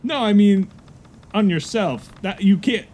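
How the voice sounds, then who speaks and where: A man's voice: high-pitched, animated, measured pace, a little mellow. A man improvising a pirate crewman in a comedy scene, with playful, jokey banter. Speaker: podcast co-host.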